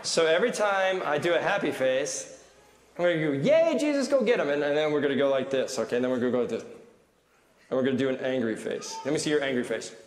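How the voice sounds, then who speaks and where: A man leading a children's sermon in a church, playful and animated as he leads cheers and quizzes the kids. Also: mid-range voice, quick pace, a little hiss or hum. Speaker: pastor leading a children's message. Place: large church sanctuary. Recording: roomy church hall reverb.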